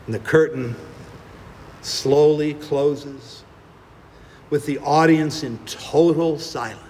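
A man's voice: on the high side, steady tone, takes it slowly, a little mellow. A man preaching a sermon, telling a staged story in an earnest, dramatic way. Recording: reverberant hall with music behind.

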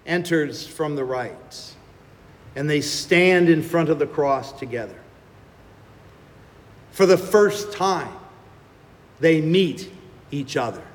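A man preaching a sermon, telling a staged story in an earnest, dramatic way. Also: on the high side. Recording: reverberant hall with music behind.

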